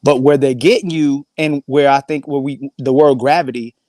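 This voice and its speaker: A man's voice: mid-range voice, fairly even intonation, moderate pace, dark tone, dry recording. Male debate guest, dry close sound, slangy and methodical. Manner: argumentative, builds a premise step by step, slangy. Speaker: panel guest. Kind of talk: casual panel debate.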